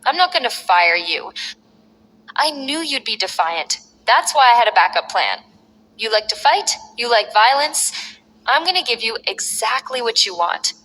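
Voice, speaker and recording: A woman's voice: fairly high pitch, big pitch swings, moderate pace, pushed and bright, full character voice. A woman voicing a stern female wrestling executive who speaks firmly and angrily. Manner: firm, angry. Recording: echoey long reverb.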